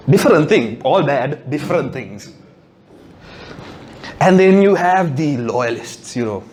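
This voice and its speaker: A man's voice: on the high side, lively intonation, measured pace, a little mellow. A male stand-up comedian, sardonic and swearing freely during a set before a live audience.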